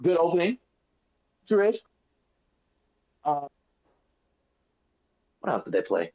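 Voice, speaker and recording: A man's voice: on the high side, sing-song, slow pace. Hyped slangy man on a dull mic. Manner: slangy, emphatic, hypes things up. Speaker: podcast co-host. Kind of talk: casual chat.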